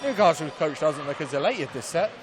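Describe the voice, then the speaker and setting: A man calling live volleyball play-by-play in brisk calls with wry asides. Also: on the high side, expressive, noisy background. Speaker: play-by-play commentator. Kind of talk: live sports commentary.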